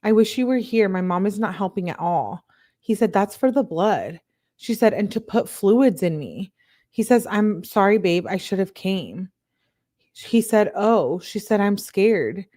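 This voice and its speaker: A woman hosting a show, reading text messages aloud in a plain, steady way and breaking off for blunt, disbelieving asides to her viewers. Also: mid-range voice, a little slow. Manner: reads chat comments aloud to viewers. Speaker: channel host.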